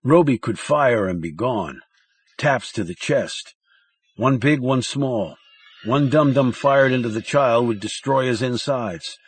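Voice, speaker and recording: A man reading a thriller audiobook in a measured, dramatic narration style. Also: medium pitch, husky, dry recording.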